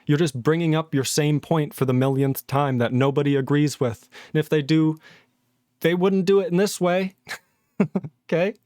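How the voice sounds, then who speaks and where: A fed-up man rants on a coding livestream, his voice pitched a little high and recorded dry and close. He swears freely and slips into mocking voices to parody the people he argues with. His sarcasm stays sharp the whole time. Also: moderate pace, dry recording. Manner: exasperated, sarcastic, swears often, mocks others in put-on voices. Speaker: livestreaming programmer. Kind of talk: ranting casual stream talk.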